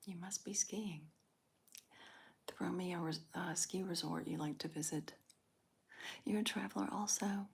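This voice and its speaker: Slow, breathy whispering woman host. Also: fairly low pitch, fairly even intonation. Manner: soft, slow, breathy whispering with small laughs. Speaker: ASMR livestream host. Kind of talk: whispered live chat with viewers.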